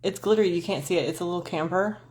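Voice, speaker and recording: A woman's voice: fairly low pitch, racing, darkish tone. A woman in her forties, livestreaming astrology talk from home in front of her camera, chatting to viewers in a scattered, self-deprecating way with frequent swearing. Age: 40s. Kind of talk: rambling livestream chat.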